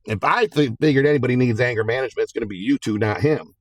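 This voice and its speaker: A man's voice: medium pitch, quick pace, dry recording, voice pushed up, close to an everyday voice. A man telling a story while putting on the voice of a stern, no-nonsense woman judge who scolds firmly and emphatically. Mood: stern scolding.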